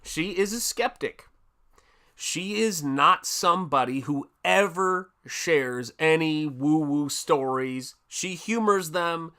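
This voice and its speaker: Middle-aged guy hosting a stream, slow storytelling, bright kinda sharp voice, repeats stuff for emphasis. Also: a little high, clear, resonant tone. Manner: emphatic, repeats words for stress. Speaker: livestream host. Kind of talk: casual storytelling on a live stream.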